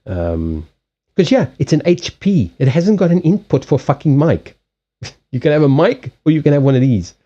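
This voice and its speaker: Animated man with a Southern African accent. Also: on the high side, moderate pace, highs cut off. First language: Portuguese. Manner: animated, swears freely, laughs often. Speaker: card reader and livestream host. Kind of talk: casual livestream chat. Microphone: USB headset mic.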